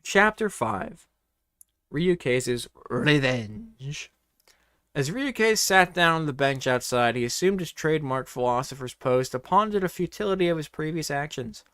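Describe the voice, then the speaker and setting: A man's voice: a little high, expressive, measured pace, a bit bright, no echo, studio quality. A man reading a comedic story aloud in a playful, mock-dramatic way, breaking off for joking asides.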